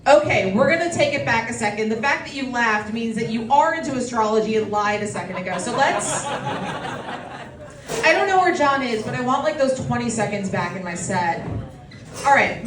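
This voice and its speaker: A woman stand-up comedian working a room with quick, self-deprecating jokes and crude punchlines. Her fairly high voice echoes around the room and is picked up from some distance away. A loud crowd reacts close behind her. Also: animated. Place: comedy show in a bistro.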